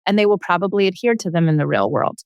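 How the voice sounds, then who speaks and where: A woman with a lowish voice coaches a parent in a frank, earnest way, sometimes acting out a child's side of a scene. The sound is dry and close, with no room around it. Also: lively intonation, fast, no echo. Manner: earnest, direct, acts out scenes with kids. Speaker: parenting coach and podcast host. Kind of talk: coaching conversation.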